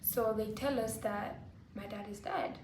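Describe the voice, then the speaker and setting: A woman vlogger telling a personal story to camera, halting and full of fillers like "like" and "you know". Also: medium pitch. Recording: roomy echo, faint background hiss.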